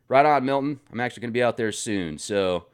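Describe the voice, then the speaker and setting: Animated, sarcastic male vlogger. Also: medium pitch, quick pace, clean tone. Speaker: host reading viewer comments. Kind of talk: comedic comment-reading vlog. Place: home garage.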